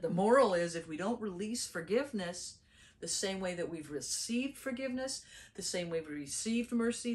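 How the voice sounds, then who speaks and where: A woman preaching a sermon, telling a parable in a lively storytelling way. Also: on the low side. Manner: animated storytelling, acts out characters.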